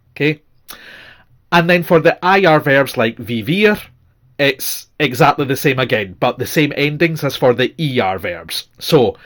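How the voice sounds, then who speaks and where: Slow, patient male language teacher. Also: on the high side, animated, fairly bright tone. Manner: patient, repeats forms and checks in with "okay?". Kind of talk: recorded grammar lesson.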